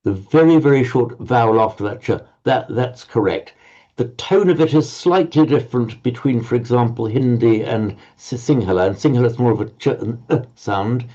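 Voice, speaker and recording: A man's voice: mid-range voice, normal speed, dark tone. A man teaching Pali pronunciation to a group class, patiently correcting students and often repeating words while he searches for the next one. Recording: dull lo-fi audio.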